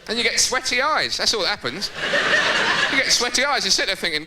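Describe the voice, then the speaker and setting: Male stand-up comic, high voice, very lively pitch, theatre stage, noisy live recording. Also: brisk. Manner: animated, jumps into shouted impressions and quoted voices. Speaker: stand-up comedian. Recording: loud background noise, live theatre recording.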